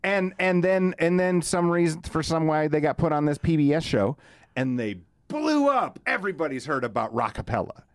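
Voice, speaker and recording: Man, podcast co-host, casual profane storytelling, lively pitch, dry close sound. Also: moderate pace, dry recording. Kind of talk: casual chat.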